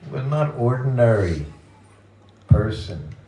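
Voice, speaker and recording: A man's voice: medium pitch, big pitch swings, slow, recorded from a distance, a little hiss or hum. Older man telling stories, roomy hall. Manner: gentle, chuckling anecdotal delivery. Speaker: guest speaker at a temple. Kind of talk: reminiscing storytelling talk. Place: temple hall. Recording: roomy temple hall with faint ambience.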